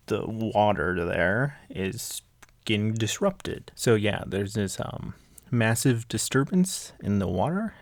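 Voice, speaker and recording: A man's voice: on the low side, gravelly, no echo. A man giving a casual, rambling recap of a manga chapter, full of fillers and repeated enthusiasm.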